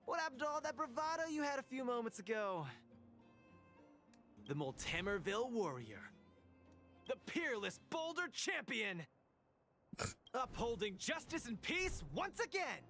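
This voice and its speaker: A man's voice: very high-pitched, big pitch swings, unhurried, pauses often, soft background music, full character voice. An actor voicing a brash, upbeat young male champion in a game who talks theatrically and loves slogans. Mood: cheerful. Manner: theatrical, shouts out attack names and slogans. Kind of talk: game character voice.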